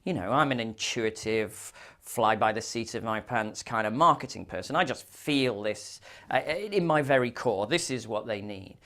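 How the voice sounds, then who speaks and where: A man puts on a brash marketing type who trusts only gut feeling. The delivery is breezy and self-assured, and the pitch moves freely. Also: lively intonation, normal speed, a bit bright, natural voice.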